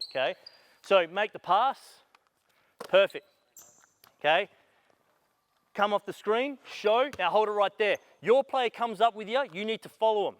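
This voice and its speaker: A man's voice: sits high, fairly bright tone, dry recording. A man running a basketball coaching clinic, instructing players on court and raising his voice to make a point. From Australia. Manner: raises voice for emphasis and calls.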